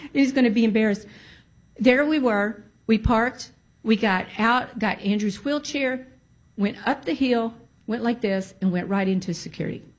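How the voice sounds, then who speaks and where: A woman's voice: on the high side, normal speed. A woman giving a testimony to a congregation, emphatic and repeating phrases for stress. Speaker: church speaker giving testimony.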